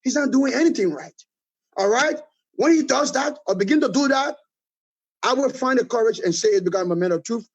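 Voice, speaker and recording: A man's voice: very high voice, expressive, fairly quick, breathy edge, dull audio. A middle-aged man with a Liberian accent, answering interview questions with emphatic political criticism, hammering points by repeating them. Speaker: political movement leader, guest.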